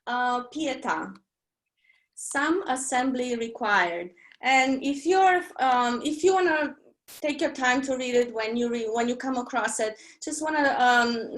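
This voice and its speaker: A woman's voice: on the high side, fairly bright tone. A woman poet at a live online reading, thanking the hosts with chatty fillers and then reading her poem. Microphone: video call.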